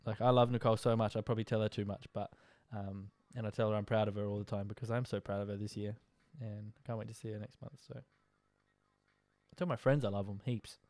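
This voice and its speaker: A man's voice: lowish voice, fairly even intonation, fairly quick, darkish tone, no echo. A young Australian man hosting a podcast, a tired, rambling and chatty talker full of filler words. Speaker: podcast host. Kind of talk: casual monologue update.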